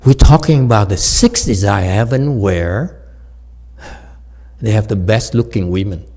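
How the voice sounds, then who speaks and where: With a lowish, darkish voice and a measured pace, a man teaches Buddhist meditation through an informal dharma talk. His storytelling is playful, punctuated by frequent laughs, and aimed directly at his listeners.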